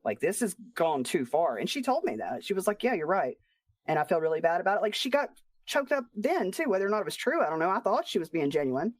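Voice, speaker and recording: A woman's voice: mid-range voice, big pitch swings, fast talker, no echo. A woman streamer in a bitter, profane rant against another streamer. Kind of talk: angry livestream rant.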